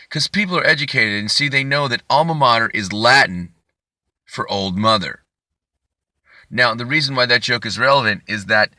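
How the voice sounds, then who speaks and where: A man's voice: medium pitch, bright, forceful tone, no room sound, clean studio sound. A man comedian delivering a rambling, profane, indignant comedic rant.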